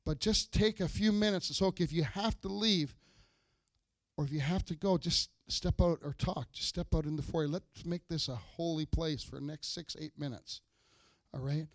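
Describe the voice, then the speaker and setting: A man's voice: a little high, moderate pace, no room sound, studio quality. A man pastor preaching a sermon, reading scripture aloud with rising emphatic bursts and explaining the verses to his congregation.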